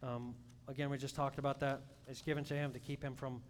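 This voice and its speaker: A man preaching a sermon in a church, swinging between loud emphatic peaks and soft hushed asides. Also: little pitch movement, fairly quick. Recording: long hall reverb, faint rumble.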